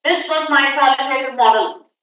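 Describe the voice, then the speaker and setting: A high-pitched woman with a sharp tone leads a workshop lecture briskly and directively, pushing her students to move quickly. She is recorded from far off in a very echoey room.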